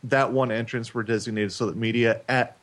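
A man's voice: medium pitch, steady tone, a little fast, a bit bright. A man hosting a podcast, chatting casually and stumbling over his words as he restarts sentences. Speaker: podcast host.

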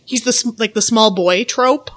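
A woman's voice: a little high, normal speed. A woman chatting casually on a podcast, sharing enthusiastic opinions. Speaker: podcast panelist. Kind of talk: casual chat.

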